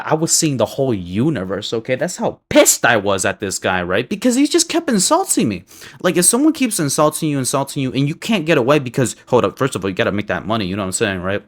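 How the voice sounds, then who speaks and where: A man's voice: sing-song, brisk, a bit bright. Profane, rambling young man telling a story. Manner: profane, rambling, constant "right?" tags; swings between heated bursts and low mutters. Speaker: storyteller vlogger. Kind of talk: casual storytime monologue.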